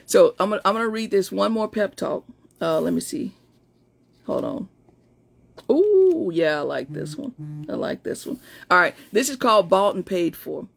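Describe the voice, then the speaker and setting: A woman coach chatting excitedly and directly with her followers during a live stream from home, and reading out her own pep talks. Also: medium pitch, normal speed, vocal fry. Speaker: motivational coach. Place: at home, indoors.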